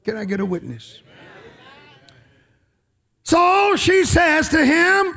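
High-pitched, slow-preaching man. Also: big pitch swings, vocal fry. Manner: emphatic, swings from shouting to quiet asides, call-and-response. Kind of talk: sermon.

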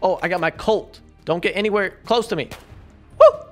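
A man hosting a multiplayer game video, chatting casually and excitably with his friends. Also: high-pitched, a little fast, faint music behind. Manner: excitable, chatty, frequent laughs. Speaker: gaming channel host. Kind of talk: casual gameplay chat.

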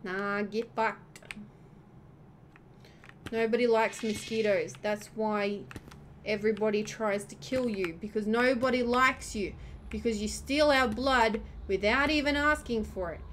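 A woman's voice: on the high side, steady tone, measured pace, a bit bright, slight background noise. A woman streaming gameplay, ranting and swearing at the game as she plays. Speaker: gamer streamer. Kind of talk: gameplay commentary.

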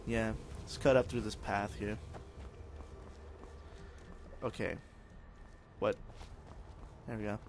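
A man's voice: on the low side, steady tone, slow pace, pauses often, slight background noise. A young man casually commenting on his own video game as he plays, rambling, joking and talking to himself. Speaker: let's play gamer.

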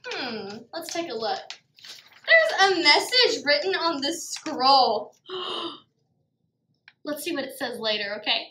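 Animated high-voiced preschool teacher. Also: female voice, measured pace, reverberant, a little hiss or hum. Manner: animated and sing-song, gasps and exclaims to young children. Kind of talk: children's Bible lesson.

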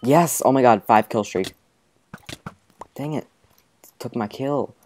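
A young man hosting a gaming video, chatting casually and excitably over gameplay with frequent exclamations. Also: mid-range voice, takes it slowly, a little hiss or hum. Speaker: gaming channel host.

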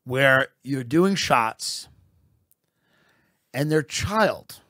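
A man hosting a podcast, delivering a deadpan mock-patriotic comedy monologue. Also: mid-range voice, drawn-out words, no echo, clean studio sound. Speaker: podcast host.

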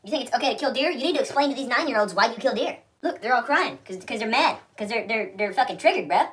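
A man's voice: very high voice, animated, fast talker, fairly bright tone. A man voicing a self-righteous, deer-loving activist in a mocking, swearing comedy skit.

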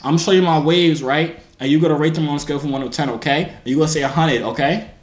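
A man's voice: a little high, steady tone, quick pace, roomy sound. A young man hosting prank video chats with strangers, playful and teasing. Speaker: video host.

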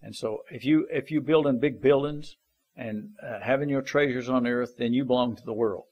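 A man delivering a homespun sermon, pressing his points again and again with earnest urgency. His speech is plain and folksy, with loose grammar and steady exhortation, pitched in an ordinary middle register. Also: moderate pace, dull audio. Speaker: preacher. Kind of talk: informal sermon.

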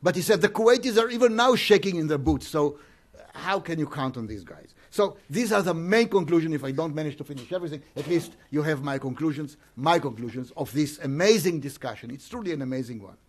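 Man presenting at an academic conference, voice a touch high, stop-start delivery full of restarts. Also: animated. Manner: halting, with frequent hesitations and restarts. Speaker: conference speaker.

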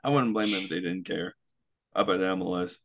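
A man's voice: low voice, fairly quick, vocal fry, fairly bright tone. A man in a casual panel chat, hesitant, stammering and restarting his sentences.

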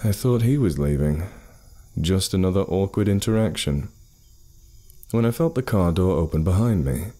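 A man narrating a horror story in an expressive, storytelling way. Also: deep voice, normal speed.

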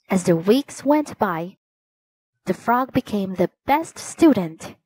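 A woman reading a storybook aloud, slowly and clearly. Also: medium pitch, animated, darkish tone, no echo, rough recording.

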